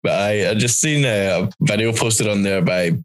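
A man's voice: on the low side, moderate pace, rough recording. A Scottish man and stand-up comic, chatting casually on a podcast in a rambling, sweary, stop-start way. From Scotland. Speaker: stand-up comedian, podcast co-host. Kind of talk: casual chat.

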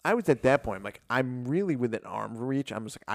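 A man in his forties tells a story to an interviewer, animated and rambling, peppering his sentences with "like" and curses. His voice carries a steady gravelly fry at a middling pitch. The sound is dry and close, with no room around it. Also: fairly quick, no room sound. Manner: animated, rambling, full of "like" and swearing. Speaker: martial arts coach, podcast guest.

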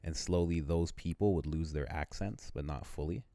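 A man from the Caribbean co-hosting a casual chat, repeating himself and stacking quick strings of yeahs. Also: a bass voice, warm tone, dry recording, studio quality.

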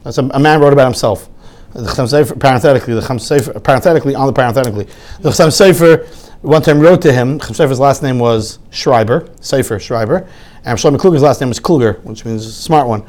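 A man giving an animated sermon full of stories, often restarting his sentences and acting out quotes. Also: medium pitch, fast talker. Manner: lively, frequent restarts, acts out quotes.

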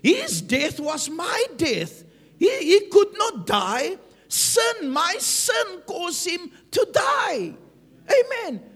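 A man's voice: very high-pitched, very animated, very slow, a bit bright, raised voice. A man preaching a sermon with emphasis, punctuating his points with "Amen". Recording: long reverb of a large hall.

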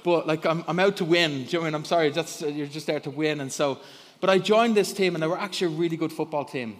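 Animated man preaching in a hall. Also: on the high side, fast. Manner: animated storyteller, laughs often, repeats words when starting. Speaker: guest preacher. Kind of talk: sermon. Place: church hall. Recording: long hall reverb.

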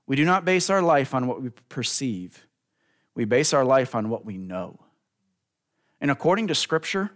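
A man preaching a sermon, building to emphatic lines and drawing out key words slowly, speaking directly to the congregation. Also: mid-range voice, sing-song. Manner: preaching with rising emphasis and slow drawn-out stresses; addresses the congregation directly as folks. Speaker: pastor.

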